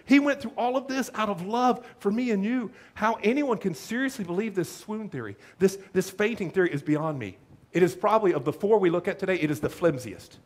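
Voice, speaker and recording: Male pastor, high and very expressive voice, humorous preaching. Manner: animated, humorous preaching with acted-out asides. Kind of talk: sermon.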